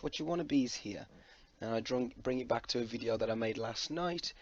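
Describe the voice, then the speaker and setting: Rambling, swearing man, lo-fi. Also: mid-range voice. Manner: rambling, jokey, swears freely. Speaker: vlogger. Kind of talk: casual rambling monologue.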